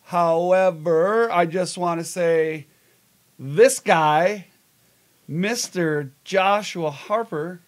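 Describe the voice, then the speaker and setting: Man, host, casual live-stream chat, upbeat, slightly high voice. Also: very slow. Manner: upbeat, chatty, greets viewers.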